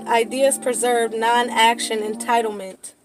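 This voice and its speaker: A high-pitched woman talks through a tarot reading in a casual, swearing way that turns into impassioned preaching. Music plays clearly behind her voice. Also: level tone, takes it slowly. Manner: profane, casual. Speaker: tarot reader.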